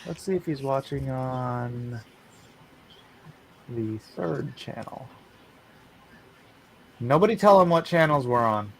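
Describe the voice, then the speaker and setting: A man hosting a casual live stream. He chats loosely and reads out viewer comments, and his pitch swings widely. A faint hiss sits under his voice. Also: lively intonation, slow, vocal fry, long pauses. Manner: chatty, reading out chat comments. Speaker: livestream host.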